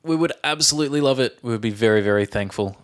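Guy co-hosting a chill podcast, polite and easygoing, medium pitch. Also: fast. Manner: easygoing, polite, lightly teasing. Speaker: podcast co-host. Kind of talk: casual chat.

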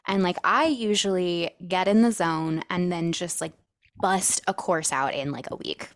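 A woman's voice: on the low side, unhurried, no room sound. A woman hosting a podcast, talking reflectively in long flowing runs with many "like"s. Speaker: podcast host. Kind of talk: casual conversation.

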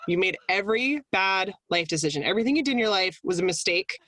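A woman's voice: medium pitch, quick pace, no echo. A woman chatting on a podcast with a lot of laughter, acting out over-the-top inner voices to make her point. The sound is dry and close, with almost no room around her. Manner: animated, laughing, acts out exaggerated inner voices. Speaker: guest speaker. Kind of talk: casual podcast chat.

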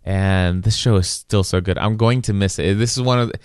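A man's voice: on the low side, normal speed, a little mellow, smooth, no room sound, studio quality. A man co-hosting a casual chat, rambling with frequent restarts and repeated words.

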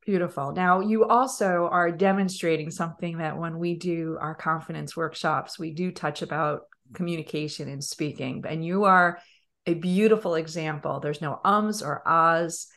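A woman's voice: deep voice, moderate pace, fairly bright tone. A woman with a Long Island New York accent, hosting a podcast interview and asking the guest questions in a conversational way. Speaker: podcast host.

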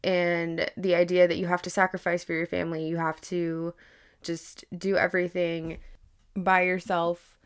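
A woman's voice: lowish voice, flat delivery, moderate pace, clear, resonant tone. A woman hosting a casual solo podcast, rambling and earnest, with lots of filler words and swearing, growing emphatic when she makes a point. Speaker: podcast host.

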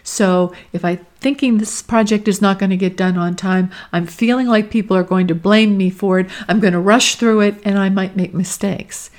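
A woman podcast host giving calm, measured coaching advice, acting out inner thoughts in short quoted lines. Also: medium pitch. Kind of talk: reflective coaching talk.

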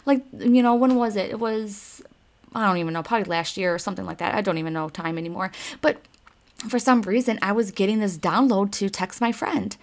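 A woman, hosting a casual spiritual card reading and talking straight to her listeners in a chatty, emphatic way. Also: fairly high pitch. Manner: chatty and emphatic, swears mildly, addresses listeners directly. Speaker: spiritual card reader, podcast host.

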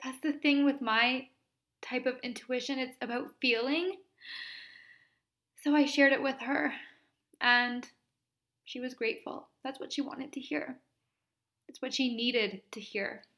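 A woman hosting a podcast, tearful and sniffling as she earnestly tells a story, laughing softly between phrases. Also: sits high, fairly even intonation, unhurried, pauses often. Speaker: podcast host and Reiki practitioner. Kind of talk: casual solo podcast storytelling.

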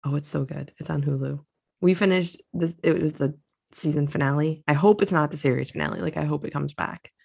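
A woman's voice: low-pitched, a little fast, creaky, darkish tone, slightly rough. A woman co-hosting a casual chat podcast, talking enthusiastically and repeating herself. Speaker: podcast co-host.

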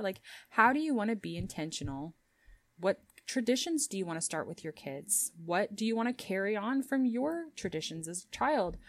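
A young woman hosting a podcast, talking casually and warmly to her listeners, with frequent fillers and little laughs. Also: mid-range voice, no room sound. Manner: chatty and heartfelt, with fillers and laughs. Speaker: podcast host. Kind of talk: casual solo podcast talk.

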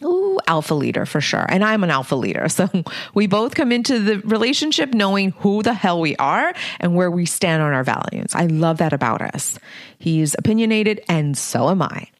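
A woman's voice: on the low side, big pitch swings, moderate pace, dry recording, studio quality. A middle-aged woman hosting a podcast, talking in a candid, blunt, casual way with mild swearing. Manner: blunt, candid, mildly profane. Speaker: podcast host and leadership coach. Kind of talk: casual monologue.

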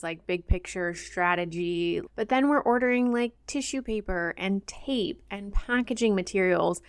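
Smooth-voiced candid woman co-host. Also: medium pitch, fairly bright tone, no echo, studio quality. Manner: candid, self-deprecating. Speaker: podcast co-host. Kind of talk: casual chat.

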